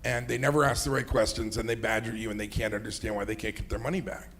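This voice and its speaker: A middle-aged man talks fast in a low-leaning, slightly bright voice with a steady tone. As an entrepreneur and investor being interviewed in a fireside chat, he rambles through stories, laughing often and leaning on "you know."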